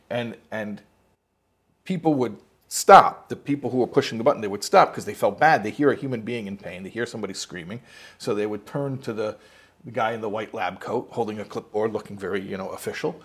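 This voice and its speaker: Husky man teaching in a loose storytelling way. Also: medium pitch, brisk. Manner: animated storytelling, acts out quotes; rambling with restarts and asides. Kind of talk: informal spoken lesson.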